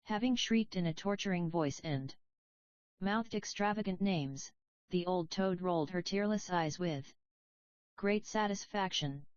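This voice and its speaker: A woman narrating a children's legend in a calm, measured storybook reading, recorded with a dull lo-fi sound. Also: fairly low pitch, smooth, no echo. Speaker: audiobook narrator.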